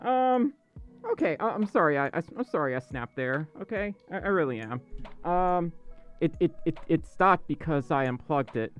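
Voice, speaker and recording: Flustered, stammering man with a lively voice. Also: fairly high pitch, normal speed, smooth, lo-fi sound, soft background music. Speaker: livestream host. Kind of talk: casual livestream chat. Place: dark room indoors.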